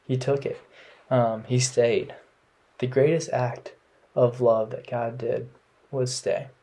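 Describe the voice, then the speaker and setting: Young man with a gravelly voice. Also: medium pitch, takes it slowly. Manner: relaxed, rambling, many ums and restarts. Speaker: podcast host. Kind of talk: casual devotional podcast talk.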